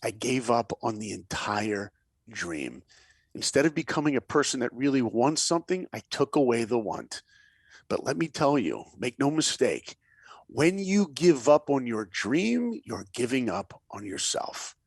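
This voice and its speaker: The speaker is a man guesting on a podcast, an animator and director who spins lively tales, voicing each character and whispering to underline key moments. His mid-range voice is slightly rough and measured in pace, recorded with no room sound.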